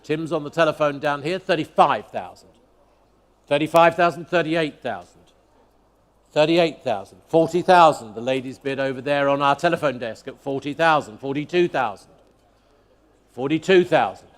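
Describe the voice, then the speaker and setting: A man running a live car auction from the rostrum, his voice sitting a little high for a man. He calls bids in a quick, sing-song chant, repeating each figure over and over between asides to the room. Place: auction hall at a motor museum.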